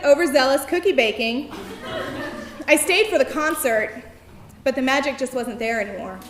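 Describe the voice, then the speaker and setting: A woman telling a personal story on stage, in a wry, self-mocking and animated manner. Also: sits high. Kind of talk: live personal storytelling performance. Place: theater stage before an audience. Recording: roomy venue echo, faint noise.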